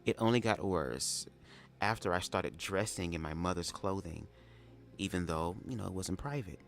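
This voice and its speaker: Low-voiced man reading a book aloud. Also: moderate pace, vocal fry. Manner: sassy, animated asides. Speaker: reader of a memoir. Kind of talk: live read-aloud with commentary.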